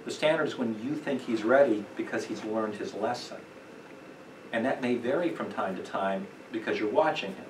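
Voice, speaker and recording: A middle-aged man teaching a parenting class at church, talking conversationally with many fillers and acting out quick quotes. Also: lowish voice. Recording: echoey room, distant mic, noisy.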